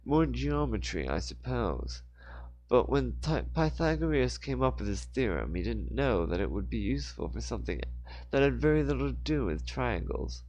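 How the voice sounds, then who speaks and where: A man voicing a pedantic male mayor who lectures slowly and at length, in a raised voice. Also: mid-range voice, big pitch swings, darkish tone, poor audio. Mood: lecturing.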